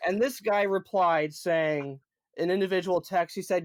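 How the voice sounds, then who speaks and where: High-voiced young man ranting in a story. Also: moderate pace, dry recording, clean studio sound. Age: 20s. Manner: animated storytelling, profane, gets loud and emphatic. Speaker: podcast co-host. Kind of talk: casual podcast chat.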